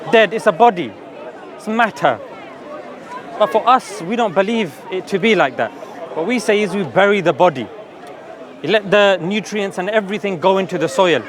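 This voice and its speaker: A man argues his faith in an open-air debate, earnest and persuasive, often checking in with a quick "yeah?". His voice sits high for a man. A crowd murmurs around him outdoors. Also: animated. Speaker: street preacher. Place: outdoor public park.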